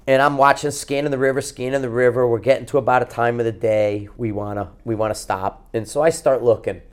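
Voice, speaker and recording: A man from Connecticut co-hosts a podcast and spins a long, meandering anecdote. His voice sits at an ordinary middle pitch. He curses freely and circles back on himself as the story unfolds. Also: a little fast. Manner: rambling, profane, animated anecdote-telling. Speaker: podcast co-host. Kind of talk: casual storytelling.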